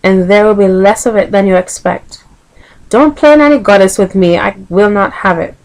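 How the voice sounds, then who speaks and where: A woman's voice: mid-range voice, moderate pace, darkish tone, close to an everyday voice, low-quality recording. A woman with a Vincentian accent voicing a fierce, stubborn old nanny while reading a book aloud. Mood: stern.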